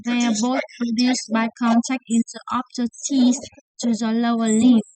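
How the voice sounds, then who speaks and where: A woman whose first language is Vietnamese, teaching English pronunciation slowly and repeating words for drills. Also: fairly high pitch, flat delivery, mellow, dry recording, rough recording. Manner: slow and deliberate, repeating words for practice. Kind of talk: slow pronunciation lesson with drills.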